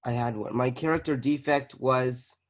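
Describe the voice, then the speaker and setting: A teenage boy from Southern California answers his acting coach over a video call. He has a mid-pitched voice and speaks hesitantly, restarting his sentences as he works out his ideas. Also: moderate pace. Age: teens. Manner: hesitant, thinking aloud with many fillers and restarts. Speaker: acting student.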